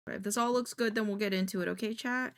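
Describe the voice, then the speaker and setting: A woman's voice: mid-range voice, fairly even intonation, fast talker. A woman streamer chatting casually to her viewers, thinking aloud in a jittery, self-deprecating way while she works. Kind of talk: casual live-stream chat.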